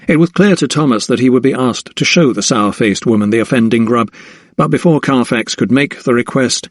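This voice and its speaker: A man narrating a historical mystery audiobook in a steady, even storytelling voice. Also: medium pitch, dry recording, clean studio sound. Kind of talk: scripted narration.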